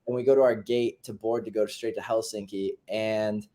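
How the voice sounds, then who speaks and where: A man's voice: fairly low pitch, steady tone, moderate pace, warm tone. A man in his twenties, a pro soccer player, telling a story in a casual interview. He laughs mid-story and acts out what people said. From United States. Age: 20s. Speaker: professional soccer player, guest.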